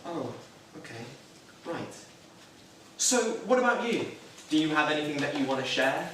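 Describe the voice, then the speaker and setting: A man's voice: fairly high pitch, very animated, normal speed, a bit bright, slight background noise. An actor playing a nervous, self-doubting young Catholic man, talking in a hesitant, wry, self-deprecating way in a stage drama. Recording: echoey room, mic far off.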